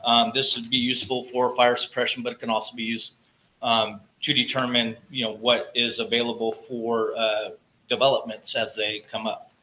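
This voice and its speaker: Man, public commenter, reads a statement with bright forceful tone and some stutters, faint room noise behind. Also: mid-range voice, flat delivery, normal speed, rough recording. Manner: nervous, stutters, reads carefully. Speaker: public commenter, water company representative. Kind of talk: reading a prepared statement. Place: council chamber.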